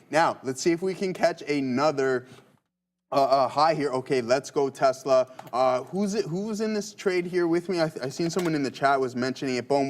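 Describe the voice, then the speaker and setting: A man hosting a livestream about stock trading. He talks through the charts and banters with his co-host, with plenty of fillers and restarts. His pitch sits in the middle range for a man. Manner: loose, filler-heavy banter. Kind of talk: live market commentary.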